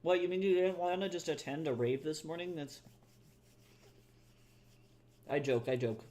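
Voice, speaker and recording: Young man, slightly high voice, casual live-stream chatter, swears a lot, self-mocking, quick to laugh. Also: mellow. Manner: loose and chatty, swears freely, self-deprecating, laughs easily. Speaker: artist live-streaming, reading chat.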